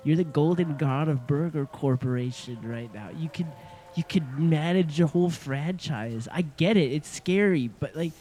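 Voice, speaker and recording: An anxious young company man in a tabletop role-play who frets aloud, flares up and then apologizes too much, played by a man. His voice sits fairly high for a man. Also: moderate pace, dark tone, lightly acted. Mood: worried. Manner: fretful, rising to outbursts, then apologetic. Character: anxious, earnest young corporate worker man.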